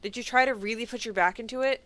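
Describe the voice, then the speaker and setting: A woman voicing a stern, tense male co-pilot who talks in a clipped, forceful way. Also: fairly high pitch, fast talker, lightly acted.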